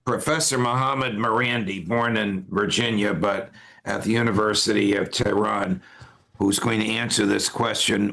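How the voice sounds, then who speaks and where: An older man speaking as a legal commentator guest in an interview, measured with frequent pauses. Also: lowish voice, steady tone, gravelly, a bit bright. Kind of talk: interview conversation.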